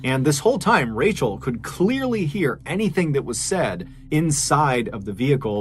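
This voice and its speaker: A man's voice: mid-range voice, big pitch swings, moderate pace, hardly any pauses, slight background noise. A man narrating a true crime story in a conversational way with casual asides. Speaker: podcast narrator.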